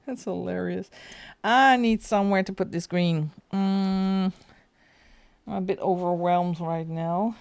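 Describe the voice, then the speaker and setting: A woman's voice: fairly low pitch, fairly even intonation, slow pace, creaky, long pauses, a little mellow, smooth. A woman whose first language is Dutch, speaking English with a Flemish accent, hosting a live stream and chatting casually while colouring, giggling often.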